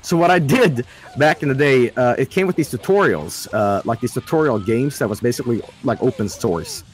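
Animated man telling stories. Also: mid-range voice, fairly quick. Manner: animated, swears, laughs a lot. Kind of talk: casual chat, storytelling.

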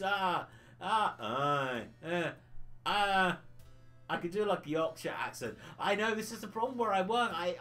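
Uk guy rambling on his retro game stream, laughs a lot, bit high voice, bounces all over, faint music behind. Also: fairly bright tone. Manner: rambling, chatty, laughs often. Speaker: retro gaming livestreamer. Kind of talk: casual livestream chat.

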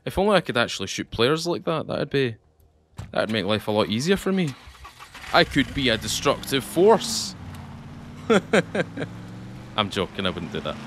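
A man from the UK chatting excitedly to viewers while playing a game. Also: medium pitch, unhurried, pauses often, a little hiss or hum. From United Kingdom. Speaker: gaming channel host. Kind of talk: casual gameplay commentary.

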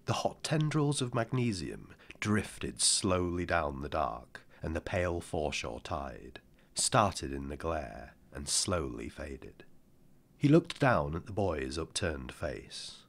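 A man narrating an audiobook in a measured, somber way. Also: very deep voice, very animated, gravelly, fairly bright tone.

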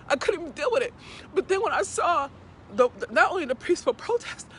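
A woman's voice: high-pitched, lively intonation, brisk, a bit bright, a little hiss or hum. An emotional woman hosting a casual talk while outdoors on a morning walk, earnest and heartfelt, repeating words as she collects herself, speaking into a handheld phone. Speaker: host. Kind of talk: casual direct-to-camera talk.

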